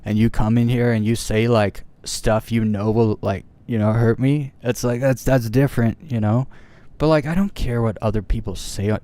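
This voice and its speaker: A man's voice: mid-range voice, warm tone. A man streaming a game live, chatting casually and shrugging off criticism with a laugh. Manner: casual and dismissive, laughing things off.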